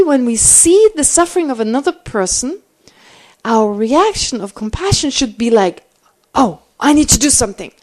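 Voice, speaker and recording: A middle-aged woman, a Buddhist teacher, answering questions in a teaching, thinking aloud with animated restarts. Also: high voice.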